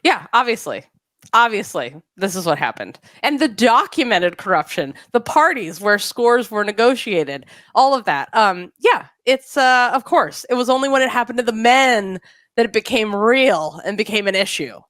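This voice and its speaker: Animated woman chatting on a podcast. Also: a little high, dry recording. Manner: animated, joking, quick asides. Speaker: podcast co-host. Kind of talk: casual chat.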